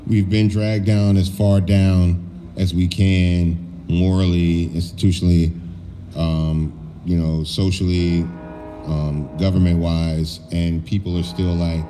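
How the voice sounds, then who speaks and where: A man co-hosting a casual political chat, giving measured, deliberate commentary, recorded in a reverberant room with faint hiss. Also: low-pitched, dark tone, soft background music.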